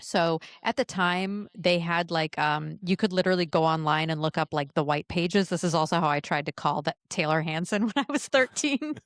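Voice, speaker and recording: A woman in her thirties co-hosting a podcast, telling a long story quickly and with animation, acting out the quoted voices. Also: fairly low pitch, dry recording, clean studio sound. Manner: fast, animated storyteller who acts out quotes. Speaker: podcast co-host. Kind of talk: casual chat, animated storytelling.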